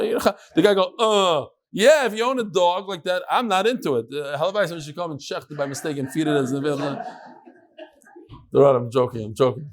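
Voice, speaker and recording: Chatty man teaching a Talmud class. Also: on the high side. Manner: chatty, joking asides between text readings. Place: classroom with live audience.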